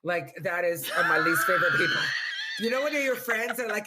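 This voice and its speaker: A woman from Canada, a stand-up comedian, telling jokes in a casual podcast chat, laughing and swinging her pitch widely. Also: fairly quick, very noisy. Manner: animated, laughing storyteller with big swings of pitch.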